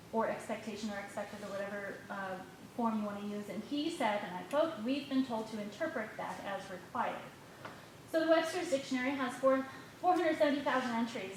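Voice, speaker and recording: A woman speaking as a parent during public comment at a school board meeting, reading quickly and pointedly from her notes. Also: fairly high pitch. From United States. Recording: echoey hall with faint noise.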